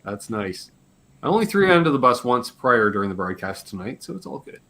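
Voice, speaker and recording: Lively, bright-voiced man hosting. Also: mid-range voice, brisk, slight background noise. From Canada. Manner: rambling, joking, swears casually. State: slightly hoarse. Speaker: livestream host. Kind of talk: casual live Q&A chat.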